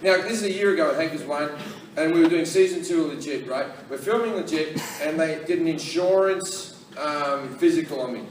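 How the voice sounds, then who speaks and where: A man doing stand-up, telling a profane story with animated delivery and acting out other people's voices. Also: on the high side, a little fast, slight background noise. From Australia. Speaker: stand-up comedian. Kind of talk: stand-up comedy set. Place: large comedy venue with a live audience. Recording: echoey hall, voice from far off, loud ambience.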